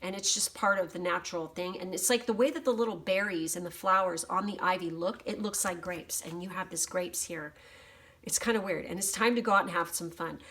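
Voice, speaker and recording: A woman's voice: medium pitch, pushed and bright. A woman doing a casual tarot reading on her channel, reading aloud from a guidebook and reacting freely with swearing and emotion. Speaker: tarot reader. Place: home office.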